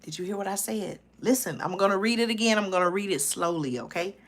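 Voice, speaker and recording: Woman, live stream host, urgent, repetitive, keeps asking "okay?", bright tense voice. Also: medium pitch, fast. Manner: urgent, repeats herself, says "okay?" and "listen, y'all" often. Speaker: channel host. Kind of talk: live stream commentary reading news aloud.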